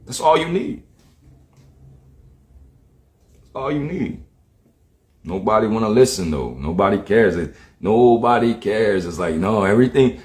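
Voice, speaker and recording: A man's voice: on the low side, expressive, normal speed, a little mellow. A man giving a blunt, profane, slang-heavy casual rant, often repeating himself. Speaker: streamer. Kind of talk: casual ranting monologue. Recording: roomy echo.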